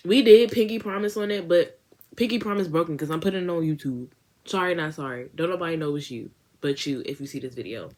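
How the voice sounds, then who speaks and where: Low-voiced young woman telling a story. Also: fast talker. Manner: animated casual storytelling with slang. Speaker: beauty vlogger. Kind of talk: storytime vlog.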